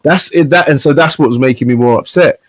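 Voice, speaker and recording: Man telling an animated story. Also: mid-range voice, quick pace, no room sound. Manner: animated storyteller, acts out quoted voices. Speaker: guest. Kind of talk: casual chat.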